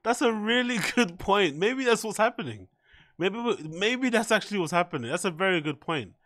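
A man streams his reactions to clips in loose, slangy commentary. His voice sits a little high and swings widely as he laughs and sounds incredulous. The sound is dry and close, with no room around it. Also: animated, normal speed, a bit bright, no room sound.

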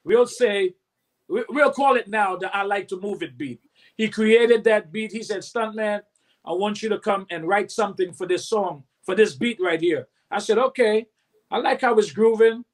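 High-voiced man in his fifties. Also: normal speed. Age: 50s. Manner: animated storyteller who acts out quotes and hums beats. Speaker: guest recording artist. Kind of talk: storytelling interview.

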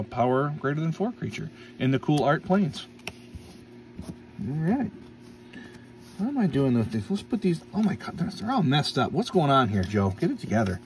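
A man's voice: medium pitch, distant mic. A man's voice, set a little back from the mic, chats playfully while he tears open card packs and reads out what he pulls. He stumbles over names and laughs them off. A faint hum of room noise sits behind him. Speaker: card-opening YouTuber. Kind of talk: casual pack-opening commentary.

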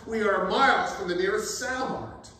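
A man preaching a sermon as pastor, telling the story in a lively way with humorous asides. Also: high voice, normal speed, slight background noise. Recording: very echoey, distant mic, faint ambience.

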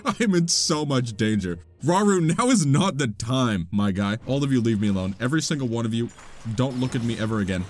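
A young man doing casual Let's Play commentary, goofy and self-mocking, swinging between loud yelps and low mutters. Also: expressive, a little fast. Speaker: gaming YouTuber.

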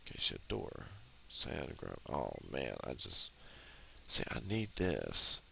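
Let's-play guy with a very deep, creaky voice, slow delivery, lots of frustrated swings, noisy recording. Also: huge pitch swings. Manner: grumbling, exasperated ranting. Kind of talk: casual gameplay commentary. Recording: loud background noise.

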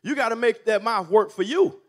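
A male minister preaching a sermon with call-and-response, building from calm teaching to near shouting. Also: extremely high pitch, moderate pace.

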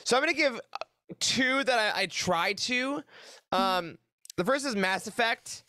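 An enthusiastic man co-hosting a casual podcast, his words tumbling out in quick bursts. His voice sits high and bright, and the recording is close and dry. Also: expressive, no room sound. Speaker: podcast co-host. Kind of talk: casual chat.

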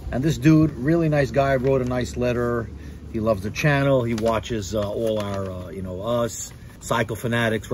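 A man's voice: mid-range voice, noisy background. A man rambling in a friendly, chatty way as a motorcycle vlogger, talking casually from his home garage. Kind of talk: casual vlog chat.

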